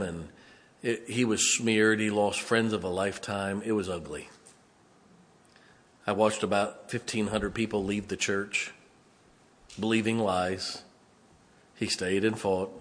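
Telling a personal story during his sermon, a pastor in his fifties lowers his voice to a hushed, emotional register. He speaks on the low side.

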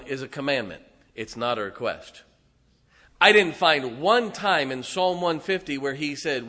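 A man, preaching emphatically as a pastor and now and then singing slowly. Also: mid-range voice, pushed and bright. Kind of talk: sermon. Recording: reverberant church hall.

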